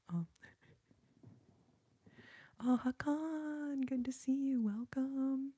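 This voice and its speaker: A woman hosting an ASMR livestream in a whispered role-play, softly chatting with viewers, giggling and singing snippets of lullabies. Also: sits high, drawn-out words, long pauses, no room sound. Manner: sings snippets of lullabies in a hushed voice.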